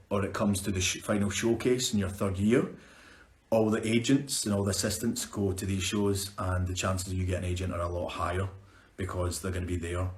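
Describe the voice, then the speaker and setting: A young Scottish man, an actor, chatting upbeat on a live stream as he answers viewer questions. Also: sits low. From Scotland. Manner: chatty, upbeat, restarts words. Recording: roomy echo.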